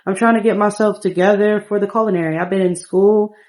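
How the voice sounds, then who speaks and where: A woman's voice: medium pitch, steady tone, fast, a little mellow, close to an everyday voice. A woman voicing a tired but hopeful young single father in a life-sim game, talking in an earnest, venting way.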